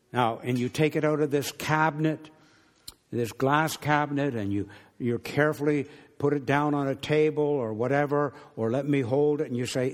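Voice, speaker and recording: Preacher man in a reverberant hall. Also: normal speed. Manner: wide swings between low hushed phrases and raised emphatic ones. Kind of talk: sermon.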